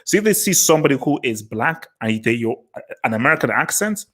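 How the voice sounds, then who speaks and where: A man hosts a casual live panel discussion. He talks in long, winding runs, stacking up fillers and breaking into laughs as he goes. His pitch sits in an ordinary middle range for a man. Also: a little fast, rough recording. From Nigeria. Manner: rambling, full of fillers, animated and laughing.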